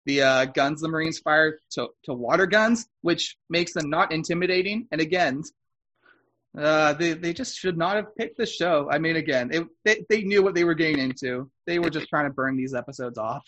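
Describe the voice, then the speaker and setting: A man's voice: on the high side, normal speed, a bit bright, dull audio. A man hosting a podcast in casual chat, rambling with frequent fillers and restarts. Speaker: podcast host.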